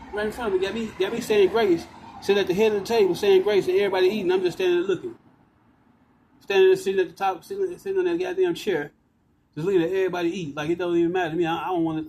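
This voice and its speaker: A man's voice: sits high, darkish tone, slight background noise, poor audio. A man ranting into his phone outdoors, agitated, profane and repetitive. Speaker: vlogger ranting to camera. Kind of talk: rambling outdoor rant. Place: outdoors by walls and concrete.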